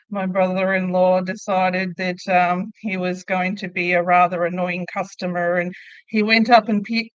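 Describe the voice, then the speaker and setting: Middle-aged woman, relaxed crochet-stream host, chatty and laughing often; muffled, dry home-mic sound. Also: medium pitch, no room sound. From Australia. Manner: chatty, laughs often, answers viewer comments aloud. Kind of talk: casual live chat while crocheting.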